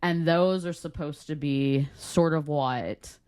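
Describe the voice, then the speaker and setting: A woman's voice: deep voice, slow, a little mellow, smooth, dry recording, studio quality. A woman co-hosting a podcast in casual chat, laughing often and swearing freely. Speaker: podcast co-host.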